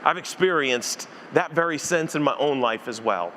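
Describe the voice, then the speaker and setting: A man's voice: mid-range voice, normal speed, few pauses, in a large hall, slight background noise. A male pastor preaching a sermon, acting out the voices of the story as he tells it. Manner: animated preacher who acts out voices in the story. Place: church sanctuary.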